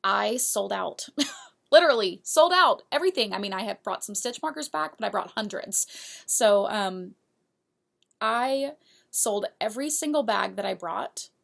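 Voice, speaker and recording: Lady knitting podcaster, super gravelly fry, kinda husky, chatty and giggly. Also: mid-range voice, animated, unhurried. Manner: chatty, giggly, talks straight to viewers. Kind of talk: casual show-and-tell of yarn purchases.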